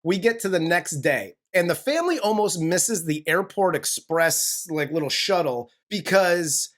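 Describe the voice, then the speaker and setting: A man's voice: high-pitched, lively intonation, measured pace, a bit bright. Heated, foul-mouthed man. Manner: heated, profane, laughs often. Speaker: movie review podcast co-host. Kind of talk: casual profane movie review chat.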